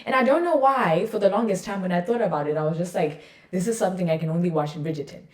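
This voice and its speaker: Talking fast in a fairly low, darkish voice with reverberation, a young podcast host chats in a playful, self-mocking way. The casual conversation includes her reading one of her poems aloud.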